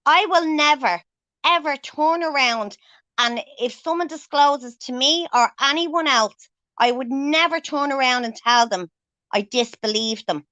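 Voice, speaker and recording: Furious swearing woman, bright and dry. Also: sits high, unhurried, dry recording. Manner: angry, swears heavily, confrontational. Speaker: livestream host. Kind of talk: angry livestream rant.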